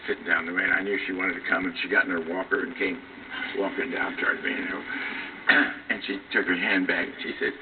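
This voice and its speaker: An older male actor spinning a dry anecdote as a talk show guest, pausing now and then to clear his throat. His voice comes from far off and sounds tinny, like an old TV recording with noticeable hiss. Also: sits low, flat delivery. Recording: distant tinny TV broadcast capture, hissy.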